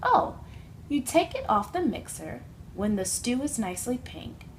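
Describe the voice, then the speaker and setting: A woman's voice: on the high side, very animated, a little slow, a little hiss or hum, poor audio. A woman voicing a smug, rambling male glunk creature in a read-aloud storybook. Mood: smug chatter. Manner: gabbing, rambling, sweetly pushy.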